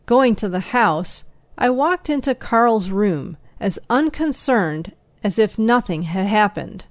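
A woman reading a first-person story aloud as an audiobook narrator, slow, even and measured. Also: medium pitch, dry recording.

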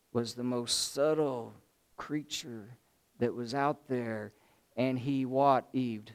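A man preaching a sermon in an animated way, swinging from excited bursts to low, slow emphasis. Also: smooth.

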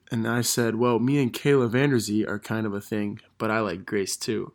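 A man's voice: fairly low pitch, flat delivery, normal speed. A young man hosting a casual podcast, rambling and self-deprecating as he reads old messages aloud. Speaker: podcast host.

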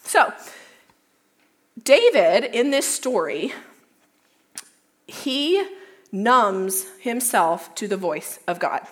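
A young woman giving a casual youth talk, retelling a Bible story in a chatty way with lots of "like" and quick self-corrections. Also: medium pitch, very animated. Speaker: youth speaker.

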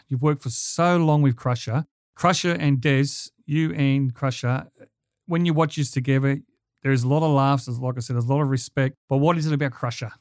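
A man's voice: on the high side, no room sound, clean studio sound. Man hosting a podcast. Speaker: podcast host. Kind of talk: podcast interview.

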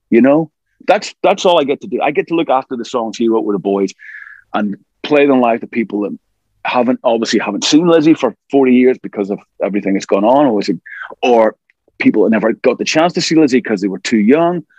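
A man's voice: medium pitch, brisk, slightly rough, dry recording, lo-fi sound. A middle-aged man, a rock singer from Scotland, telling stories in a casual interview and acting out what people said. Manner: animated storyteller, acts out quotes.

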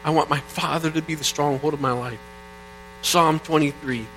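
A middle-aged man from Indiana preaching a sermon, reading psalms aloud in an earnest way that swings between quiet and loud. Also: fairly high pitch, fairly even intonation, normal speed. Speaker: pastor. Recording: faint mains hum. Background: faint mains hum.

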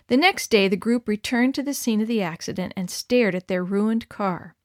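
A woman narrating a story in a clear, expressive read-aloud manner. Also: medium pitch, normal speed, few pauses, dry recording, clean studio sound. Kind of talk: scripted narration.

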